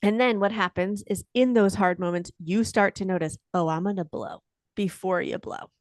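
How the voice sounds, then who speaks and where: A woman speaking as a parenting expert guest on a podcast, lively and acting out the things parents might say. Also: medium pitch, normal speed, no room sound, studio quality. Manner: animated, acts out quoted lines. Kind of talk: conversational interview. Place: podcast interview.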